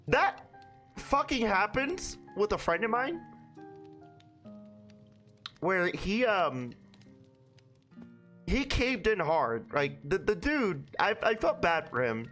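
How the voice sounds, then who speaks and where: With a medium pitch and a fairly bright tone, this young Brooklyn, New York streamer chats casually with his audience. His stories are profane and meandering, and he keeps starting them over.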